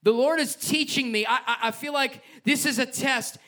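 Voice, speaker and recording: A male pastor delivers a passionate sermon, switching between reading scripture and making jokes. His voice is high for a man, with a bright, forceful edge, and he keeps a moderate pace.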